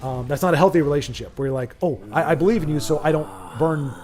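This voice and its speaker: Fast and fairly high-pitched, with a bit of mellowness, this young man streams a card game live. His casual banter with viewers rambles along with many restarts.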